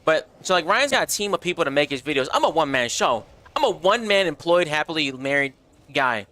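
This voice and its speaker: Bright, animated young male streamer. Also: on the high side, quick pace. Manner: animated, slangy, reads chat aloud. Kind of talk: casual livestream chat.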